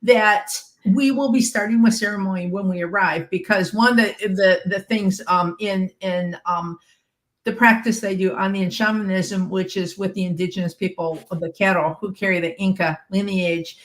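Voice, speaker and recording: Earnest woman explaining gently. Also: mid-range voice, fairly even intonation, normal speed. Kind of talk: casual panel chat.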